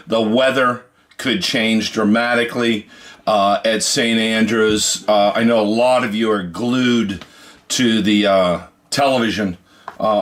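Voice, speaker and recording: A man's voice: medium pitch, a bit bright. Chatty middle-aged man hosting radio. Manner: rambling, friendly, many "uh" fillers. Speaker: radio host. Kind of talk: casual radio chat.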